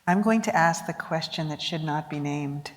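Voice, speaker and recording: A woman's voice: sits low, moderate pace. A woman moderating a conference panel, friendly and posing questions to the speakers. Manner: friendly, laughs often, poses questions. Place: large conference hall. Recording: long reverb of a large conference hall.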